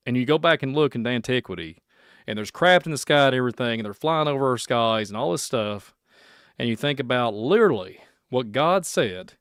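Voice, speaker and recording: A man talks his way through a solo podcast rant, rambling and excitable, chuckling as he goes and sometimes trailing off into quiet muttering. His voice sounds smooth and resonant. The recording is close and dry. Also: medium pitch, no room sound. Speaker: podcast host.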